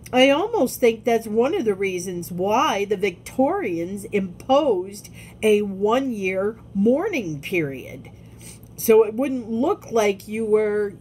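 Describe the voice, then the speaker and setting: A woman speaking candidly in a personal video diary, halting often and restarting her sentences. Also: medium pitch, a little mellow, slight background noise. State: tearful. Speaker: vlogger.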